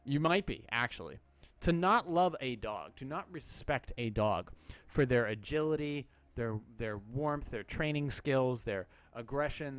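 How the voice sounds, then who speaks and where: A man's voice: medium pitch, dry recording. Blunt, sarcastic male podcast host. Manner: blunt, sarcastic, swears freely. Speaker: podcast host answering listener questions. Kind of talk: casual advice podcast.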